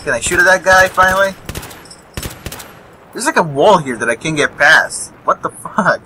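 On the high side and bright, this young man's forceful voice carries lively intonation at a moderate pace as he rambles through live gameplay commentary, swearing and laughing at enemies. The rough recording has slight background noise, with faint game gunfire, vehicles, and explosions behind.

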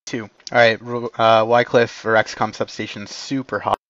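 A man commanding his team in an online game, giving brisk, polite tactical callouts and quick corrections. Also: lowish voice, level tone, fairly bright tone, no echo. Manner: brisk, polite, slightly apologetic. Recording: dull lo-fi mic capture.

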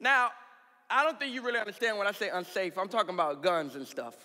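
A man pastor telling a candid, comic story in a sermon, animated and laughing along. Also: high voice, fast. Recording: reverberant hall sound.

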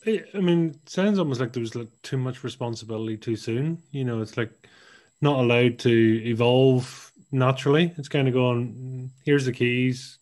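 A man's voice: mid-range voice, moderate pace, a little mellow. A man hosting a podcast interview, probing with questions and thinking aloud, sometimes acting out little scenes. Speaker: podcast host. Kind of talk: conversational interview.

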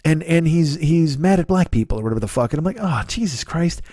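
A man's voice: fairly high pitch, lively intonation, fast talker, warm tone, dry recording. A man in his fifties hosting a solo comedy podcast, rambling through a profane, sarcastic rant. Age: 50s.

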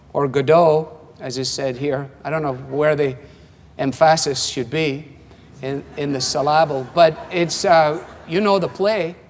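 A man in his seventies with a Scottish accent, preaching a sermon in a wry, conversational way, acting out quotes. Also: fairly high pitch. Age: 70s. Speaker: pastor. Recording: long hall reverb.

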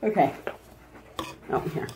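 A dog owner who hosts a channel sits at a table at home, playfully giving her dog commands and encouragement during a game. She speaks slowly against a noisy background.

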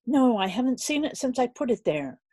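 A woman voicing a brisk, bossy older landlady who scolds and fusses over her premises. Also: a little high, sing-song, mellow, no room sound, pitched above the performer's own voice. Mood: scolding. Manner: scolding, bustling, indignant.

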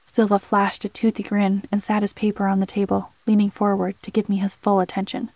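A woman narrating a first-person horror story in a measured, scripted delivery. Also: mid-range voice, monotone, darkish tone, dry recording.

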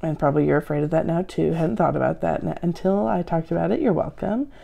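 A woman with a low, heavily gravelly voice and a mellow, dark tone answers viewer questions. Her delivery is deadpan and sarcastic, full of self-mocking asides. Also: fast talker. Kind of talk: deadpan comedic Q&A. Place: at home.

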